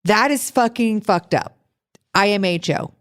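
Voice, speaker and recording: A woman's voice: mid-range voice, a little slow. Sarcastic, profane woman podcast co-host. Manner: profane, sarcastic, animated storytelling. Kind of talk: casual chat.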